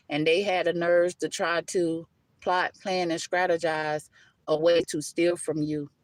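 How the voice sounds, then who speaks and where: A woman's voice: low-pitched, no echo. A woman giving a live tarot-style spiritual reading, emphatic and repetitive, calling the listener baby and honey, talking loosely with self-interruptions. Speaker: tarot reader.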